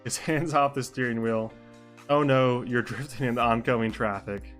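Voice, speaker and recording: A man's voice: mid-range voice, fairly even intonation, moderate pace, a bit bright, soft background music. A young man live-streaming, reading out a role-play story and breaking off into rambling asides about his chat. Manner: rambling asides, mixes narration with chat comments.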